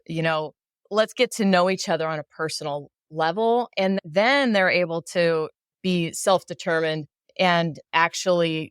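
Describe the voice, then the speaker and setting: A woman's voice: fairly low pitch, clear, resonant tone, no echo, clean studio sound. A woman hosting a podcast interview, affirming and effusive as she asks her guest questions. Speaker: podcast host. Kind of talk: interview conversation.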